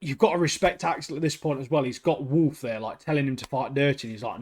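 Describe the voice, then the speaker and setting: A man in easygoing podcast chat, his voice sitting in an ordinary middle pitch. He talks eagerly and scatters "mate" and "like" through every sentence. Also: steady tone, fast talker, hardly any pauses. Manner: enthusiastic, peppers talk with "mate" and "like". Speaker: podcast co-host. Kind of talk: casual chat.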